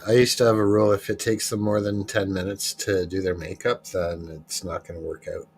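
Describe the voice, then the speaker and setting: A man's voice: sits low, little pitch movement, brisk, a little hiss or hum. A man in a casual chat with friends, laid-back and blunt, cursing now and then.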